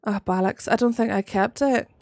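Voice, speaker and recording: A woman's voice: a little high, normal speed, darkish tone. Chatty Northern Irish woman streaming a game. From Northern Ireland. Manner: chatty, swears freely, laughs often. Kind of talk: casual live-stream chat while gaming.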